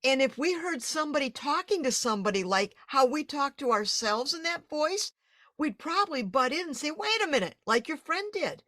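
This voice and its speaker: A woman hosting an interview, speaking in a warm, affirming and thoughtful way. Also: high voice, lively intonation, normal speed, no echo, studio quality. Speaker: podcast host. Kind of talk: interview conversation.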